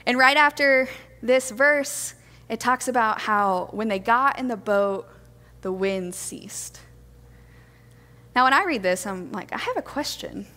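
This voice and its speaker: A woman preaching a sermon to a congregation, gentle, earnest and reflective. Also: fairly high pitch, slow, long reverb tail.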